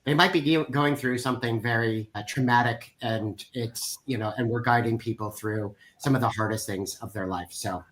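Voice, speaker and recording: A man moderating a real estate panel, encouraging and talking in quick bursts. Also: mid-range voice, fairly bright tone, low-quality recording.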